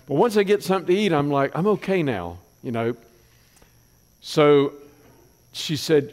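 A man preaches a sermon in a fairly high voice. He tells folksy personal stories and often drops low for asides. His voice rings with a long reverb, as in a church sanctuary. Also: animated, a little slow, long pauses, darkish tone. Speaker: pastor.

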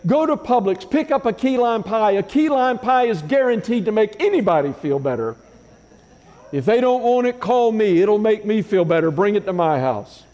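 A man with a high but mellow voice preaches a sermon, measured and emphatic, stacking repeated phrases to drive each point home. His words ring out with a long reverb from a large church sanctuary. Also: animated. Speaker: pastor.

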